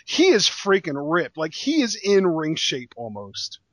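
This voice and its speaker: A man co-hosting a podcast, chatting in an excitable, slangy way about wrestling. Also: fairly high pitch, measured pace, no room sound. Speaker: podcast co-host. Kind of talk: casual wrestling review chat.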